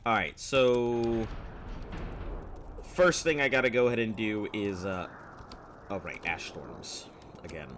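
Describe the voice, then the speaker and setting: A man streaming a game, thinking aloud and reading on-screen text in a casual, rambling way, with a slightly rough, throaty voice from clearing his throat often. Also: on the low side, slow pace, long pauses, fairly bright tone, slight background noise. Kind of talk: casual gameplay commentary.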